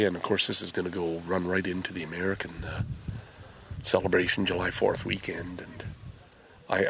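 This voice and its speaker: A man hosting a show, delivering an angry, impassioned solo monologue full of halting restarts. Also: low-pitched, slight background noise. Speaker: show host.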